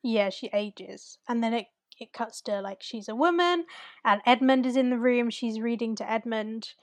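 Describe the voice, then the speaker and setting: A woman with a fairly high voice co-hosts a casual chat. She talks in a loose, rambling way with lots of fillers, and her voice sounds close and dry with no room in it. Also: no echo. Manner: fast and loose, filler words, lively retellings. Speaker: podcast co-host.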